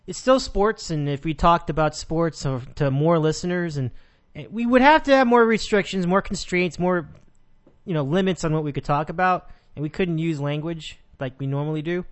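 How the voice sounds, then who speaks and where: A man's voice: on the high side, normal speed. A man hosting a casual sports podcast, talking in a rambling way with frequent restarts. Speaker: podcast host.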